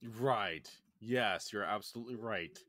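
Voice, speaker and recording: A man's voice: fairly low pitch, a little slow, fairly bright tone, dry recording, studio quality. A man hosting a podcast in casual chat, rambling and apologizing for his rants. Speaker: podcast host.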